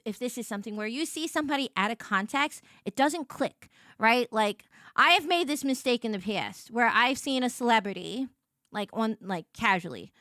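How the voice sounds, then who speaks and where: A young woman streamer chats her way through a story, tripping over restarts and fillers. Her voice sits high and swings widely, bright and sharp-edged. The sound is dry and close. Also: no room sound. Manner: chatty, rambling, many restarts and "like"s; animated, jumps into high voices for quotes. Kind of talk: casual storytelling chat to a stream.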